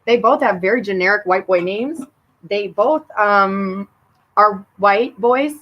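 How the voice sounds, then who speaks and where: A woman venting to her camera at her sister, bitter and profane, her voice dropping low or flaring hot. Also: slow, dull audio. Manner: swings between muttering and heated outbursts. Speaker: vlogger addressing her sister. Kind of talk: personal rant to camera.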